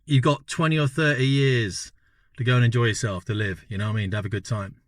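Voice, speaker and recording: A man voicing a kind young doctor who speaks calmly and plainly. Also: mid-range voice, fast talker, dry recording, studio quality, close to an everyday voice. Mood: reassuring. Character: young male doctor, kind but serious.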